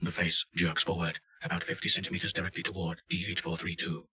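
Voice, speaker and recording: A man giving deadpan scripted narration of a report. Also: sits low, fast talker, highs cut off.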